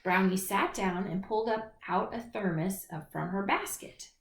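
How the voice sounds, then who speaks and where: A woman reading a children's picture book aloud in an expressive storytelling manner, in a roomy recording. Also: mid-range voice, moderate pace. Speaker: storybook reader. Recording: roomy echo.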